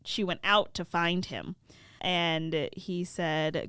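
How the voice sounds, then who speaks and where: A woman podcast co-host retelling a fairy tale casually, with animated, laughing asides. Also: fairly low pitch, takes it slowly, smooth, no room sound, studio quality.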